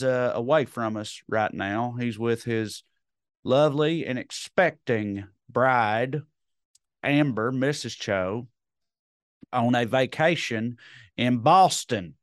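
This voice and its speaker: A man's voice: mid-range voice, clear, resonant tone, no echo, studio quality. A man hosting a podcast alone, chatting casually in a rambling, joking, self-deprecating way into a podcast microphone. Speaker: podcast host. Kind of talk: solo casual podcast chat.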